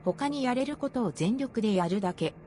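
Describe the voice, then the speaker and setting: A woman's voice: on the high side, expressive, very fast, warm tone, a little hiss or hum, natural voice. An actress voicing a cutesy, self-assured young female pop idol character in a game. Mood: perky. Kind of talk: Japanese game voice acting.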